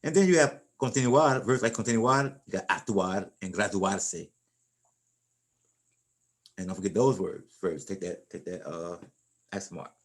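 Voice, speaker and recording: A man teaching a Spanish class in a relaxed, casual way, often repeating and restarting words as he explains. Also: low voice, unhurried, pauses often.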